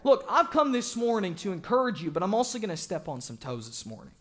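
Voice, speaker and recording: A young man preaches in a church with a high, lively voice that leaps up and down. He jokes with the congregation and breaks into shouts to drive home a point. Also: fast talker. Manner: animated, joking, bursts into shouting. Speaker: evangelist. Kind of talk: sermon.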